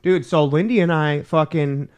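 A man's voice: on the high side, moderate pace, a little mellow, clean tone. A man co-hosting a comedy podcast, joking and swearing in casual banter. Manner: swearing, joking, laid-back. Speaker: podcast co-host.

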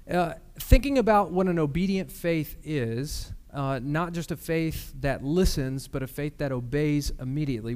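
A man preaching a sermon with personal testimony, earnest and measured, with pauses and fillers. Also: fairly high pitch, a little mellow, clean tone. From Michigan.

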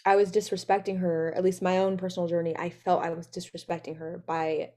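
A woman's voice: fairly low pitch, level tone, brisk, warm tone. A woman hosting a podcast in casual interview chat, enthusiastic and chatty, full of "like" fillers. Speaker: podcast host.

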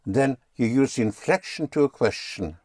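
Patient man teaching German, lively pitch. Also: moderate pace, no echo, studio quality. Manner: patient, spells words out letter by letter. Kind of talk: one-on-one language lesson.

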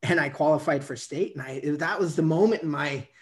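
A man's voice: fairly high pitch, a little fast. A man in his fifties guests on a podcast as a coach. He tells long stories in a loose, rambling way, full of fillers and restarts. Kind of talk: casual storytelling interview.

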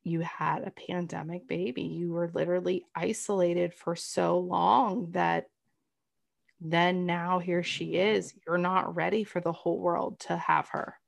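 Woman friend chatting, low-ish gravelly voice, dry close sound. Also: flat delivery, unhurried, no echo. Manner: reflective, sums up the other's feelings. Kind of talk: casual chat.

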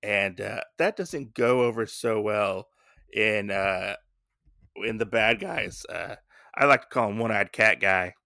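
A man's voice: fairly low pitch, measured pace, vocal fry, pushed and bright, no echo, clean studio sound. A man hosting a podcast, casually recapping a comic with rambling speech and many fillers. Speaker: podcast host.

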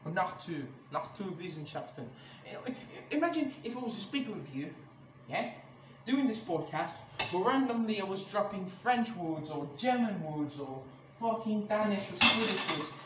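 High-voiced man ranting angrily on a podcast. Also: sing-song, moderate pace, few pauses. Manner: angry, swears a lot, many restarts. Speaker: podcast host. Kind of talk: casual ranting monologue. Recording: echoey room with clear background noise.

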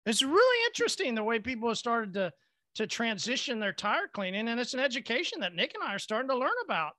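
A man from Oklahoma hosting a casual chat and telling a story in an animated, excitable way. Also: extremely high pitch, fast, no room sound, clean studio sound. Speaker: host.

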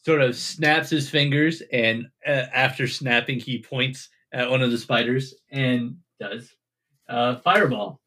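A man runs a tabletop game, narrating scenes in a relaxed, unhurried way. His pitch is mid-range, and he often pauses on filler words. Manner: relaxed storytelling with frequent fillers. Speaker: game master.

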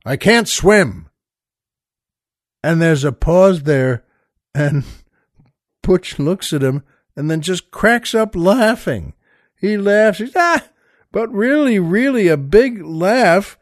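A man's voice: high voice, lively intonation, a little slow, no echo, clean studio sound. An older man hosting his own show, retelling a favorite movie scene in a rambling, folksy way, full of "well" and "by the way" asides. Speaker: podcast host. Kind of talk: casual storytelling monologue.

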